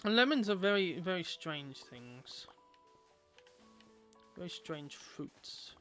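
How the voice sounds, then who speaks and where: A man's voice: high voice, very animated, takes it slowly, fairly bright tone, soft background music. A man streaming a game, chatting casually with viewers and rambling aloud with lots of fillers.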